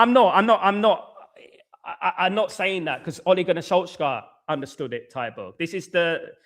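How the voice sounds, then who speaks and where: On a live-stream football talk show, the male host keeps up repetitive, conversational chatter and calls out viewers from the chat by name. His voice runs on the high side, sounding pushed and bright.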